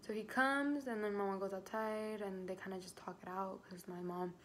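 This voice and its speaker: A pregnant teenage girl talks straight to her camera, rambling through her story with constant fillers and easy swearing. Her voice sits at an ordinary pitch for a young woman. A faint hum of room noise sits behind her. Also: steady tone, moderate pace. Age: teens. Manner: chatty, swears freely, heavy filler "like". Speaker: vlogger.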